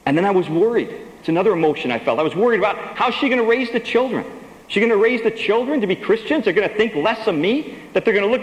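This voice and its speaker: A man's voice: sits high, expressive, fast talker, roomy sound, big-room sound, rough recording. A man giving a sermon testimony, telling his story with emphasis and acting out the lines he quotes.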